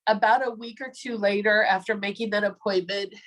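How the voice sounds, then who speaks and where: A woman's voice: mid-range voice, steady tone, brisk, fairly bright tone, poor audio. A woman in her forties giving a chatty testimony on a video call, acting out the quoted voices as she tells it. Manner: chatty storyteller, acts out quoted voices, frequent ums. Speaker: product distributor sharing a testimony.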